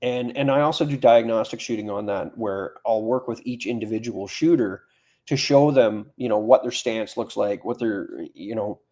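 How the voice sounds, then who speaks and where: A middle-aged firearms instructor appears as a guest in a casual podcast conversation. His voice is on the low side and mellow, at a normal speed, and he talks in a plain-spoken, anecdotal way.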